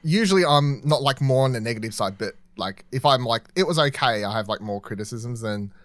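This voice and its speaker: A man co-hosting a casual podcast, tossing in quick wry asides and laughing easily. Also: mid-range voice, lively intonation, a bit bright, no echo. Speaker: podcast co-host. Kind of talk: casual pop-culture chat.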